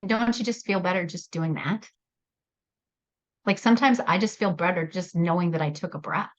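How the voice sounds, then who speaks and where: Woman running a workshop, chatty and lively, laughs a lot, kinda muffled call audio. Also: fairly low pitch, normal speed. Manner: animated, laughs often, addresses attendees by name. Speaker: leadership workshop host. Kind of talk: live workshop talk.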